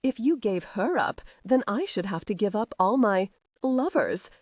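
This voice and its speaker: A woman's voice: medium pitch, expressive, a little slow, no room sound. A woman doing a drawling, mocking lord.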